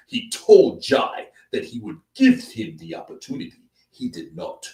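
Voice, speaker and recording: A man's voice: on the low side, reverberant, recorded from a distance, exaggerated voice. A man doing a grave, accusing trainer. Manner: slow, grave, preacher-like denunciations. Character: solemn accusing male boxing trainer impression.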